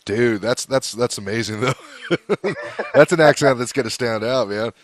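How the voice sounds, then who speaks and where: A man's voice: medium pitch, normal speed. A man from the United States hosting a podcast, talking in a loose, chatty way with many fillers and restarts. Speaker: podcast host. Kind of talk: casual interview chat.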